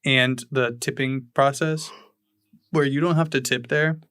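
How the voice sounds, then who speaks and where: A man co-hosting a podcast, explaining things in a relaxed, casual way. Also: medium pitch, measured pace, smooth, no echo, clean studio sound. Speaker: podcast co-host. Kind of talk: casual chat.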